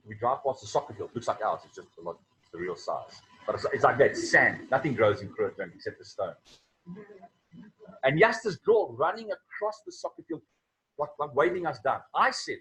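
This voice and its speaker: Husky South African man preaching. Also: mid-range voice, normal speed, long pauses, rough recording. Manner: animated, conversational storytelling. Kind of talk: storytelling sermon to young people.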